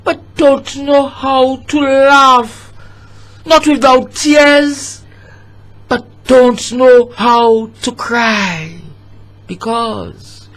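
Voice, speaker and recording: A man with a St. Lucian accent performing a spoken-word poem, rhythmic and dramatic, swelling into shouts. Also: very high voice. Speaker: storyteller and poet.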